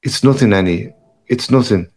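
A man's voice: fairly low pitch, moderate pace, a little mellow, voice pushed up, lightly acted. A man reading aloud, voicing a timid, stammering young husband. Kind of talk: audiobook reading.

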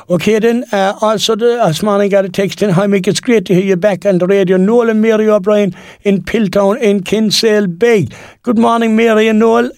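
A man's voice: high voice, creaky, a little mellow, no room sound. An Irish man presenting local radio, reading out listener texts in a chatty, rambling, homely way at a studio mic. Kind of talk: local radio shout-outs.

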